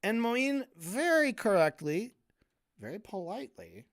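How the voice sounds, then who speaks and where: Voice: medium pitch, lively intonation, a little slow, fairly bright tone. A streamer ranting through a debate recap, swearing often, sarcastic, heated and sometimes tripping over repeated words. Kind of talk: casual ranting commentary.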